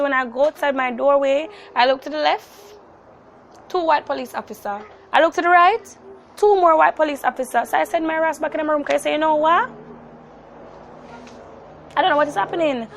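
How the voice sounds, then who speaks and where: High-voiced young Jamaican woman vlogger. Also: a little hiss or hum. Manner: animated, slips into Jamaican patois. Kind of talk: casual storytelling to camera.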